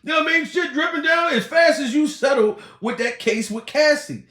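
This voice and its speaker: A man's voice: very high-pitched, expressive, fairly quick, sharp tone. A man hosting a comedy livestream, ranting profanely, laughing often and putting on mock crying. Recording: echoey room.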